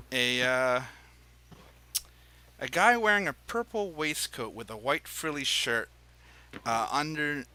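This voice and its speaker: A man's voice: medium pitch, bright, forceful tone, rough recording. A man narrating as dungeon master in a tabletop game, describing scenes in a rambling, hesitant way with many fillers.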